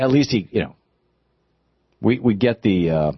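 A man hosting a radio talk show, giving animated, conversational commentary with frequent restarts from a broadcast studio. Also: lowish voice, a little slow, husky, no room sound. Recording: dull, dry studio broadcast.

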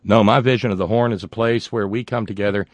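A man's voice: fairly low pitch, steady tone, fast, no room sound. Sardonic folksy male radio host. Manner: sardonic, folksy, bursts into loud exclamations. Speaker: radio talk show host. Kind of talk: political talk radio commentary.

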